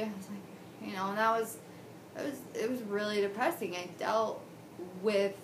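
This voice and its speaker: A woman's voice: mid-range voice, fairly even intonation, normal speed, reverberant, noisy background. A woman in her twenties telling her own story in a personal video diary, candid and emotional, rambling with many restarts. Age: 20s. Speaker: patient sharing her surgery story.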